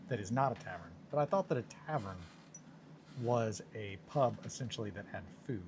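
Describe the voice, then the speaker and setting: A man's voice: fairly low pitch, animated, a little fast, noisy background. A man chatting casually and rambling with viewers from his home studio, self-mocking and swearing now and then. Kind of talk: casual chat.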